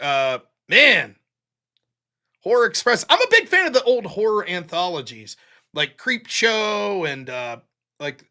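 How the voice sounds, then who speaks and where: A man's voice: on the high side, bright, forceful tone. A man hosting a late-night live stream, rambling casually with lots of fillers and swearing. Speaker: live-stream talk show host.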